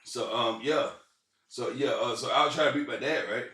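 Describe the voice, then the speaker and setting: A man with a middle-pitched voice tells rambling personal stories. He swears casually and keeps repeating and restarting his phrases. The sound is roomy and distant, as if he is sitting well back from the mic. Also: pushed and bright. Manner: halting, repetitive restarts and profanity. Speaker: vlogger.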